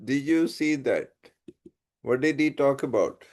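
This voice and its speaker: A man's voice: medium pitch, expressive, darkish tone. A male teacher running a classroom lesson, asking his students questions. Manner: questions the class, slow and deliberate.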